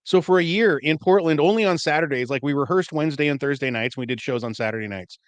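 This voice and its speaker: A man on a podcast telling a story in casual chat, relaxed and dry, with many fillers. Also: fairly high pitch, quick pace, no echo. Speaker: podcast co-host.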